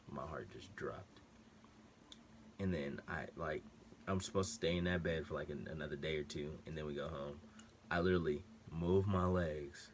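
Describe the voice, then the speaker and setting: Deep-voiced young man telling a story. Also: a little hiss or hum. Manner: animated slangy storytelling, acting out quotes. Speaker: vlogger. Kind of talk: casual storytelling.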